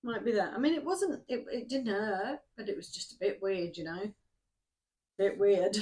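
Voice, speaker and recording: In a dark-toned, medium-pitched voice at normal speed, a middle-aged tarot reader does a casual oracle card reading in a summer house. She talks to herself in a chatty, rambling way while shuffling the cards.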